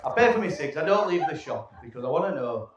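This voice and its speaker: A man tells cheeky stories as best man, with a bit of swearing. His pitch swings widely. He is heard from a distance in a reverberant hall with loud background noise. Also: sing-song, fast talker, lo-fi sound. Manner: cheeky storytelling, playful swearing. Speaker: best man giving a wedding speech. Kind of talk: wedding speech to guests. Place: wedding reception hall. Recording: echoey hall from far off, loud room noise.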